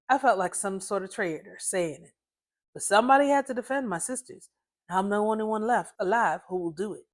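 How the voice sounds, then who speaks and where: A woman reading her own short story aloud, narrating in first person with a lively, conversational delivery. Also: mid-range voice, a little fast.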